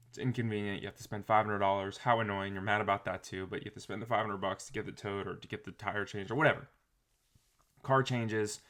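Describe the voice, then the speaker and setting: A man talking casually to camera in a motivational vlog, reflective and rambling, with restarts and soft trailing phrases. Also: on the low side. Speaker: motivational vlogger.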